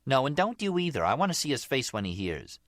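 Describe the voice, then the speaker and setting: A man's voice: mid-range voice, big pitch swings, quick pace, a bit bright, no room sound, studio quality, voice pushed up. A man voicing a brash young woman who gossips and wheedles in an audiobook reading. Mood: gossipy.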